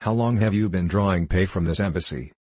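A man's voice: deep voice, brisk, a little mellow, breathy edge, dry recording. A man reading the part of a mocking, condescending middle-aged diplomat, speaking sharply and cynically. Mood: sneering.

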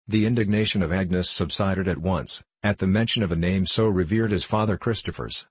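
A man reading a classic novel aloud as scripted narration, in a measured storytelling way. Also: low voice, slightly rough, dry recording. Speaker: audiobook reader.

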